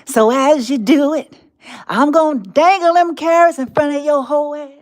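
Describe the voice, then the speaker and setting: A woman's voice: sits high, moderate pace, a little mellow. A woman streaming live, delivering a mocking monologue as a tempter, drawling with laughs and whispered asides.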